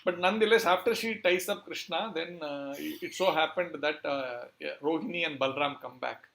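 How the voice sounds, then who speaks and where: A man's voice: on the high side, normal speed, gravelly, fairly bright tone. A man, retelling a scripture story in a talk, hesitant and searching for words. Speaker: preacher.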